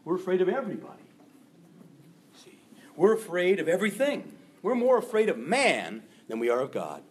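Animated male preacher giving a sermon. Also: sits high, moderate pace. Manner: animated, acts out gossiping voices.

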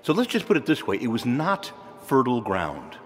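Male preacher, lively pitch, chatty sermon delivery, echoing church hall. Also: normal speed, soft background music. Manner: conversational, animated, asks the listeners questions. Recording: long reverb of a large hall.

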